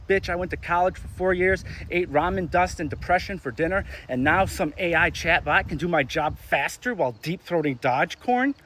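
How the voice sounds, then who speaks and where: A young man with a fairly high voice tears through a crude, sarcastic comedy rant. He sounds exasperated and animated, and his voice jumps up in sudden loud spikes. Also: slight background noise. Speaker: ranting commentator.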